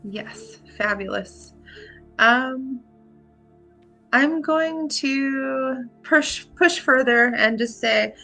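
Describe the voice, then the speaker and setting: A woman's voice: sits high, drawn-out words, creaky, pushed and bright, faint music behind. A woman playing a tabletop game, chatty and rambling with lots of fillers. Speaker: player.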